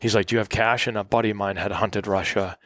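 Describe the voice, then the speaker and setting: Middle-aged male podcast guest, lowish voice, dry close sound, rambling anecdotal storyteller. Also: steady tone, fast, a bit bright, no room sound. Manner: rambling anecdotal storytelling, acts out quoted people. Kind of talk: casual storytelling interview. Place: cabin.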